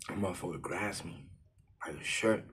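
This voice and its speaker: Man with a lowish voice, telling a personal story in casual, profane street slang. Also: moderate pace, a bit bright, a little hiss or hum.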